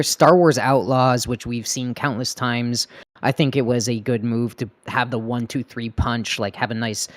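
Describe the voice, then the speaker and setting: A man from Canada hosting a casual gaming podcast, upbeat, laughing often and firing off quick questions. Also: medium pitch. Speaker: podcast host.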